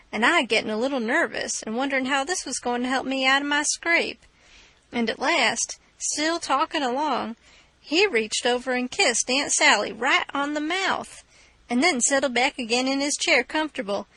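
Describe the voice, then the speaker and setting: A woman narrating an audiobook in a steady, folksy first-person storytelling voice. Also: high voice, no room sound, low-quality recording. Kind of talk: scripted narration.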